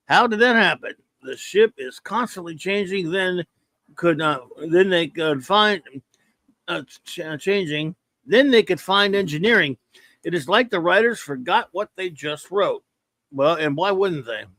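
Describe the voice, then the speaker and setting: A man's voice: high-pitched, lively intonation, unhurried, sharp tone, dry recording. A man hosting a casual live-stream review, rambling and joking as he reads viewer chat aloud. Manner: rambling, joking, stumbles over words. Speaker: show host reading viewer chat.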